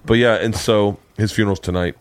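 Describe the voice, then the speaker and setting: A man hosting a podcast in casual chat, an animated storyteller who laughs often, on a podcast mic in a home studio room. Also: on the low side, a little fast, slight background noise. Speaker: podcast host.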